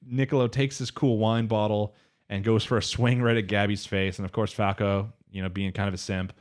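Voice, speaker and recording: Guy with a lowish voice recapping an anime ep, rambly, swears a bit. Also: flat delivery, fairly quick. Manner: rambling, loose, swears casually. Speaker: podcast co-host. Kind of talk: casual chat, recapping an anime episode.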